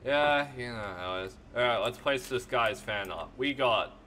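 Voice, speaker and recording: A man's voice: mid-range voice, moderate pace, hardly any pauses, pushed and bright, slight background noise. A man hosting a let's play, chatting casually while gaming, rambling, joking and swearing.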